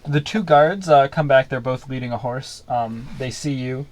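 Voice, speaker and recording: A man's voice: mid-range voice, moderate pace. Hesitant game master man, full of ums. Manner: hesitant, many ums and uhs. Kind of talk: narrating a tabletop game.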